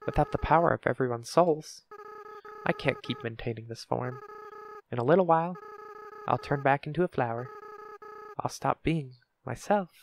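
A man reading the lines of a remorseful young goat-monster boy prince from a game, slowly and apologetically. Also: medium pitch, wildly swooping pitch, gravelly, a little hiss or hum. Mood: tender. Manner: slow, tearful, apologetic reading. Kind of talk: reading game dialogue aloud.

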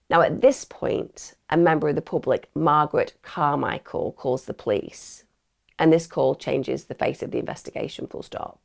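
A woman host talking through a true crime case in a blunt, opinionated, conversational way. Her voice sits low with a gravelly, creaky texture. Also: a little mellow.

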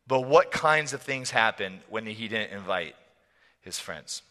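Male pastor, sermon, animated and playful, bright forceful tone, church hall reverb. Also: fairly low pitch, measured pace. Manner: animated, playful, laughing storyteller.

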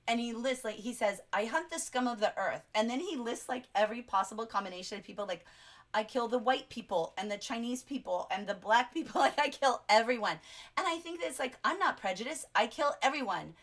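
An enthusiastic woman leads a live English class on a short story. She reads passages aloud and talks back to her viewers' chat in a chatty, excited way. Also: fairly high pitch, fairly quick. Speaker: English teacher. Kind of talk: livestreamed literature lesson.

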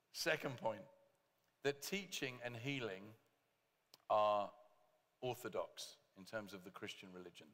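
Guy preaching in a church, mid pitch, lively with jokey asides, long hall echo. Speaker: pastor. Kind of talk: sermon.

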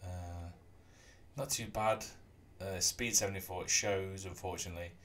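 Speaking at a moderate pace in a low voice, a man streams a rugby video game and chats loosely about it. He's relaxed, rambles, and hums to himself, and the audio carries a slight hiss or hum.

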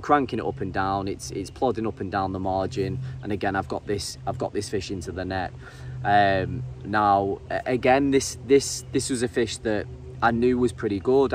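An English man narrating his fishing vlog in a casual, halting way, often repeating words and saying um. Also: lowish voice. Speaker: angler and vlogger. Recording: distant mic with faint ambient noise.

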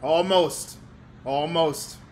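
A man's voice: a little high, fairly even intonation, very slow, a little hiss or hum. A young man hosting a reaction video, chatting casually, laughing easily and swearing now and then.

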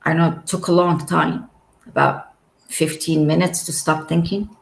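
In an echoey room, a woman with a low, flat voice and vocal fry appears as a guest to share her near-death experience. She tells it slowly and earnestly as personal testimony, acting out the words that were spoken to her.

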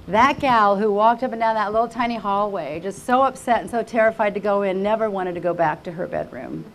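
Older woman, testimony sermon, fervent, repetitive phrasing, hushed to crying out, faint background hiss. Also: medium pitch, fairly quick. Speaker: conference speaker. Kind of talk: emotional personal testimony sermon.

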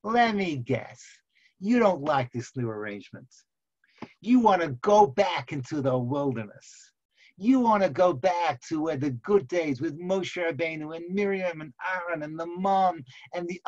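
A man voicing a kindly old leader who greets a couple warmly and gently teases them. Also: on the high side, animated, moderate pace, lo-fi sound. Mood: knowing.

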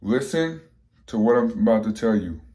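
A man's voice: fairly low pitch, lively intonation, normal speed, warm tone. A young man breeding dogs talks casually to a handheld camera, hyped and slangy and repeating himself over and over. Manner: hyped, repetitive, slangy, keeps repeating phrases. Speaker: dog breeder.

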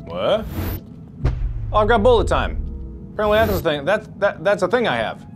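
A man in his thirties, a gaming YouTuber doing let's play commentary, animated and yelping as he plays in VR, winded from moving. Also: high voice, moderate pace, over music. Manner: animated, yelps and jokes while playing VR.

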